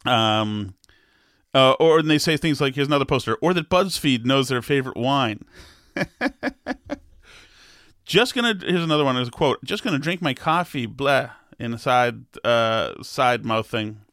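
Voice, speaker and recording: Smooth-voiced man, halting chatty talk. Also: medium pitch, fairly bright tone, no room sound, clean studio sound. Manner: halting, many restarts, laughs while reading. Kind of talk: casual solo talk, reading comments aloud.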